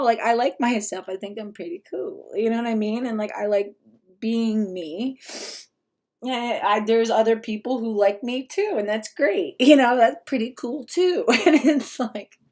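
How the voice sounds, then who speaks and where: A woman's voice: a little high, darkish tone. A woman vlogging in loose, rambling casual talk at her home computer, full of fillers, swearing and laughs.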